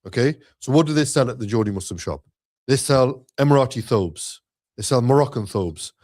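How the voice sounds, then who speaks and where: A man's voice: mid-range voice, expressive, brisk. A man co-hosts a live online show in a loose, conversational way. He rallies viewers and reels off sponsor plugs with growing enthusiasm. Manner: upbeat, rallying listeners, reading sponsor shout-outs. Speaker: co-host of an Islamic live stream. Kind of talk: casual live-stream chat.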